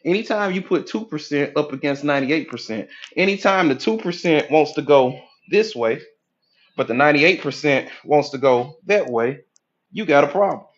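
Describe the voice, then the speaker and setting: A man coaching on mindset, lecturing at a whiteboard in an animated way and acting out inner voices with casual profanity. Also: fairly high pitch, normal speed, highs cut off. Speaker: hypnotherapy coach.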